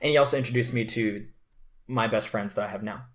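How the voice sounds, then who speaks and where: A young man co-hosting a podcast, animatedly telling his faith story in a casual chat and acting out what people said. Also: fairly low pitch. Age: young adult. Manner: animated storyteller, quick, acts out quoted lines. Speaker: podcast co-host.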